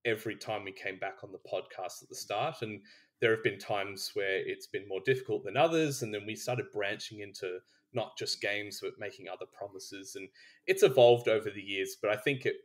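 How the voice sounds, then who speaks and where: A man with a low-leaning voice and moderate pace co-hosts a board game podcast. He chats casually, rambles, restarts his sentences, and laughs between points.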